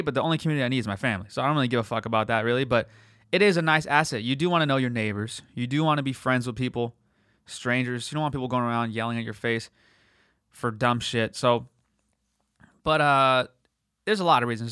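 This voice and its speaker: A man's voice: medium pitch, a bit bright, no room sound. Profane, rambling young man, dry close sound. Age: 20s. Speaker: podcast host. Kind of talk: casual monologue.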